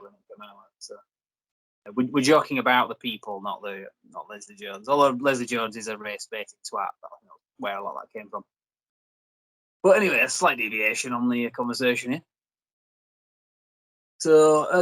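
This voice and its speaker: A man's voice: mid-range voice, a bit bright, no room sound, poor audio. A young man hosting a review video, rambling and joking in casual chat. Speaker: reviewer and host.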